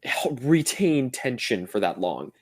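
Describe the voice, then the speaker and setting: A young man co-hosting a casual podcast chat, rambling in quick bursts and restarting sentences. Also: medium pitch, sing-song, darkish tone. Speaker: podcast co-host.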